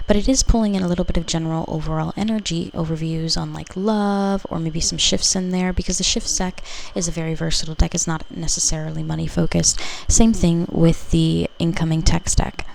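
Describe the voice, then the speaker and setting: A woman's voice: fairly low pitch, fairly even intonation, fairly quick, creaky, hardly any pauses, darkish tone, slight background noise. A woman giving a casual pick-a-card tarot reading, rambling intuitively with lots of filler words. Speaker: tarot reader.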